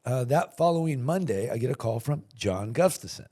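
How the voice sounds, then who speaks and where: A man's voice: mid-range voice, lively intonation, brisk, dark tone. A man guesting on a podcast, telling a personal story in a casual way and acting out the dialogue. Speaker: podcast guest, chamber of commerce chairman. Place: podcast studio.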